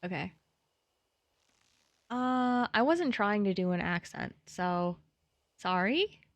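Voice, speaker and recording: A woman's voice: medium pitch, lively intonation, takes it slowly, no echo. Playful young woman streamer, dry close sound. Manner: playful and chatty, jittery when scared. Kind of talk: live game stream, reading game text aloud.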